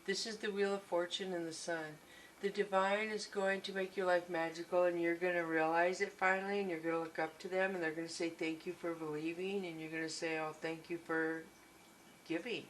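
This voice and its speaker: A woman's voice: fairly low pitch, little pitch movement, fairly quick, slight background noise, poor audio. A woman giving a tarot reading, gushing and reassuring, often repeating her encouragements. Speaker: tarot reader.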